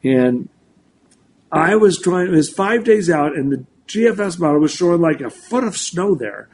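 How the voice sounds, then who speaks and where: A man's voice: fairly high pitch, moderate pace, slight background noise. A man in his sixties, a meteorologist, talking casually with many restarts and repeats. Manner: animated, full of restarts and repeats. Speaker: meteorologist guest. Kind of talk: casual talk show chat.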